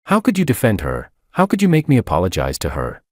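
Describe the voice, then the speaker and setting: A man voicing a spoiled, jealous teenage girl whose voice turns shrill and hysterical in a storybook narration. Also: huge pitch swings, fast talker, darkish tone, no room sound, studio quality. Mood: tearful.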